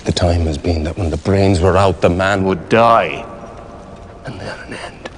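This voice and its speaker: A young man reciting old-fashioned verse as Macbeth, a haunted, shaken king, in a slow, solemn way. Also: low voice. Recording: distant mic, noisy background.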